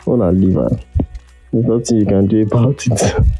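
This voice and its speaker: A man with a Nigerian accent, moderating and trying to calm the speakers down. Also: lowish voice, normal speed, slightly rough, soft background music, low-quality recording. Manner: soothing, trying to calm things.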